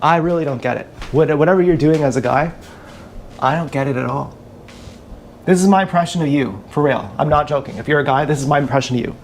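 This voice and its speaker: Man streamer rambling comically into an action camera, fairly high voice. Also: quick pace, slight background noise. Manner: rambling, with restarts and asides.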